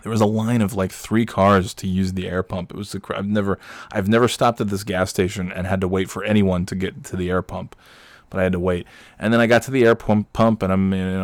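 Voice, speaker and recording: In a rambling anecdotal monologue, a man with a very deep voice curses often and keeps circling back with fillers. He rants in an irritated way, like a host talking casually to his audience, and his voice is close and dry with no echo.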